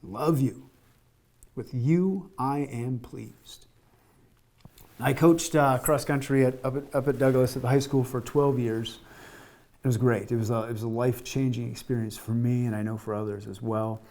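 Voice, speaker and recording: A man's voice: medium pitch, flat delivery, brisk, darkish tone. A man giving a conversational sermon, often repeating words as he restarts and acting out the quotes he tells. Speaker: preacher.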